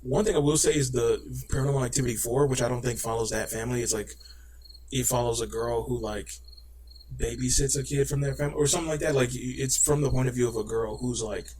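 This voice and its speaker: A young man talking fast on a podcast, piling on filler words as he rambles through ideas. He slips into quick, animated voices to act out imagined scenes. His pitch sits in a middle range. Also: a little hiss or hum, low-quality recording. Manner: rapid, rambling, full of "like" fillers; animated, acts out scenarios in voices. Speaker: podcast co-host. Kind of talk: casual chat.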